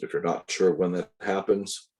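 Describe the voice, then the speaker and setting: A man's voice: deep voice, fairly even intonation, moderate pace, darkish tone. A man giving a recorded anatomy lecture, explaining step by step, correcting himself and adding asides to his students. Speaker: anatomy instructor.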